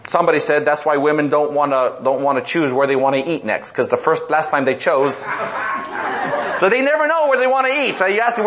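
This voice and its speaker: A middle-aged man pastor preaching a humorous, animated sermon, repeating himself and dropping low and slow for emphasis. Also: a little hiss or hum.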